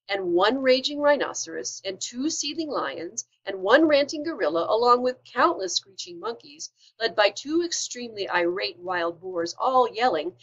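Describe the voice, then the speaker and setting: A woman teacher reading a children's storybook aloud with expressive delivery. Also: mid-range voice, husky, highs cut off.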